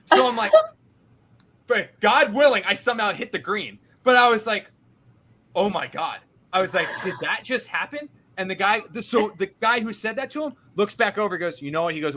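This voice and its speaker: A young man hosting a podcast, telling a story in an animated, self-deprecating way and acting out what others said. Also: high voice, normal speed. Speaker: podcast host. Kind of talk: casual storytelling.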